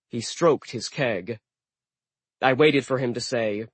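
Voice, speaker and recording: A man narrating a first-person audiobook in a wry, deadpan way. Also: mid-range voice, measured pace, husky, dry recording.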